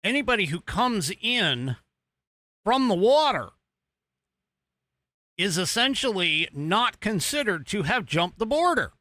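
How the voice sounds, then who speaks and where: Slow, bright-voiced American man. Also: sits high, sing-song, dry recording. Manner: rambling, with many fillers and restarts; talks over video footage he is playing. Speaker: podcast host. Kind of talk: casual political commentary.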